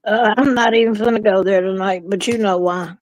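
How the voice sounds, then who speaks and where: A woman's voice: medium pitch, steady tone, brisk, darkish tone, no echo, low-quality recording. A woman from Memphis with a Memphis accent, a guest telling stories bluntly and emphatically in a casual chat. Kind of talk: casual chat on a live stream.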